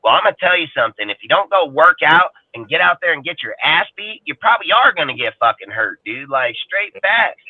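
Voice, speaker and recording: A man's voice: a little high, sing-song, fast, hardly any pauses, husky, dry recording. A man talking football on a casual sports talk show, rambling, profane and heated. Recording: tinny phone-like line, dry.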